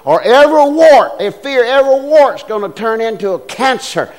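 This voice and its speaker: A man's voice: extremely high pitch, animated, normal speed. An older man preaching a folksy sermon, telling homespun stories and acting out the voices in them. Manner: homespun storytelling, acts out voices in anecdotes.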